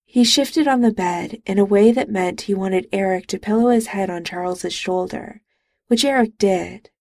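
A woman narrating a romance audiobook in calm, even storytelling, recorded on a close studio mic. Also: mid-range voice, moderate pace, no echo.

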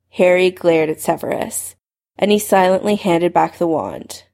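A woman narrating a fan fiction story in a steady storytelling voice. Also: fairly low pitch, a little slow. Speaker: reader.

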